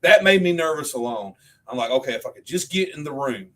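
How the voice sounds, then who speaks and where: A man's voice: a little high, a little fast, slight background noise. A man co-hosting a podcast, telling stories in casual, profanity-laden chat. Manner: profane, animated storyteller. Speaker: podcast co-host.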